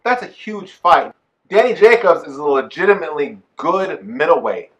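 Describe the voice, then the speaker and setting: A man co-hosting a casual boxing chat show, giving emphatic, animated opinions. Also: fairly high pitch, moderate pace, rough recording. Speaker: co-host. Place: Texas.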